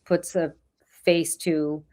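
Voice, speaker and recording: A woman with a Russian accent co-hosts a political talk show from New York. Her voice sits a little low. She speaks with passion and stresses her words, often stopping and restarting mid-sentence. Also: level tone, takes it slowly, warm tone. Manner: impassioned, emphatic, full of restarts. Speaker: podcast co-host. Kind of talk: casual political chat.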